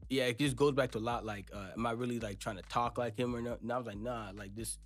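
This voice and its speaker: A man's voice: mid-range voice, fairly even intonation, fast talker, soft background music. A young man from Los Angeles with a laid-back West Coast accent, talking casually in a studio interview and rambling with lots of fillers. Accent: West Coast American. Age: young adult. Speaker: rapper guest. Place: recording studio.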